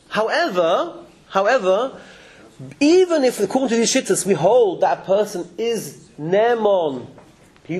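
Animated man teaching a live class. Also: high voice. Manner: animated, chuckling, with frequent restarts. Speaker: religious teacher. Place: classroom with listeners.

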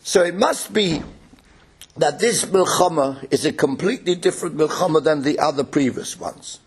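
A man with a fairly high, husky voice delivers a religious study lecture. He explains patiently and keeps asking rhetorical questions. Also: normal speed. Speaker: Torah lecturer.

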